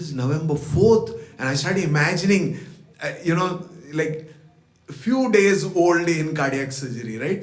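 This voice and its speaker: Man telling a story in a roomy hall. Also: medium pitch. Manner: reflective, retells events with quoted dialogue. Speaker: guest speaker at a devotional birthday program. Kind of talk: personal storytelling talk. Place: devotional center hall.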